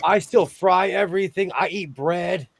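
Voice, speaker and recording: A man's voice: high voice, unhurried, creaky, background noise. A man in his forties from California, hosting a rambling casual chat over a video call. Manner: rambling, chatty storyteller.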